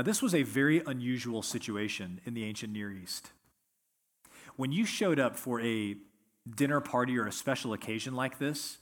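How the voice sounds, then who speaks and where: A pastor with a mid-range voice preaches a sermon earnestly and emphatically, slowing down to stress key words.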